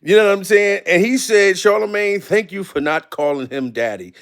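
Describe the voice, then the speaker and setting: A man giving casual, joking reaction commentary on a clip, animated and emotional. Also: high-pitched, moderate pace, smooth.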